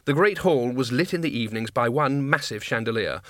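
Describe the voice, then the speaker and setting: A man reading a comic fantasy audiobook in a dry, measured storytelling manner. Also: medium pitch, animated, no room sound. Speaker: audiobook narrator. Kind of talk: scripted narration.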